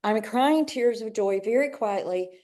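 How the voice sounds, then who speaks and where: Mellow-voiced woman telling stories quickly. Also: on the high side. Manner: spirited storyteller, quick bursts, acts out dialogue. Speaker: guest, business owner and artist. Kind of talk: interview storytelling.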